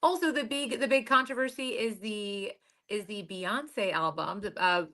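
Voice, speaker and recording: A woman co-hosting a casual podcast chat. Her voice is bright and forward. She rambles, circling back with ums and restarts. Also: mid-range voice, moderate pace. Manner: chatty, lots of fillers and restarts. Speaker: podcast co-host.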